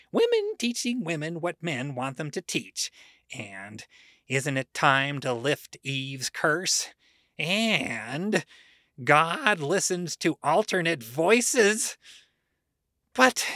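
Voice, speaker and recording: A storyteller performs a monologue with a wry, gossipy edge, and the pitch jumps and dips freely. Quoted lines get their own tone. The sound is close and dry, with no room around it. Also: no room sound. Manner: expressive, shifts tone for quoted speech. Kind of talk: dramatic monologue reading.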